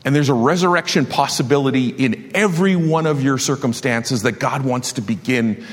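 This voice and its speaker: A man's voice: medium pitch, moderate pace, long reverb tail. A man preaching a sermon as pastor, passionate and building to emphatic declarations.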